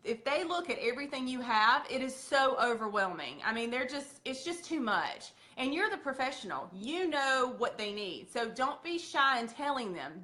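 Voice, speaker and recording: Southern woman, bright voice, fairly high, chatty sales trainer acting out customer dialogue. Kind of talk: training talk.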